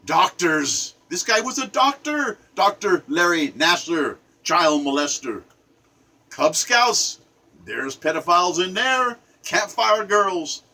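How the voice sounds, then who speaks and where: Impassioned high-voiced man ranting. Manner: emphatic, angry, swings between loud outbursts and low murmurs. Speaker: poet. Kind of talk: impassioned spoken rant to camera.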